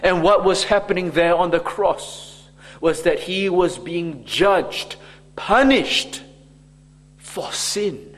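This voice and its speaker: A man preaching a sermon slowly and emphatically, acting out the mockers in quoted voices. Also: high voice, lively intonation, fairly bright tone, in a large hall.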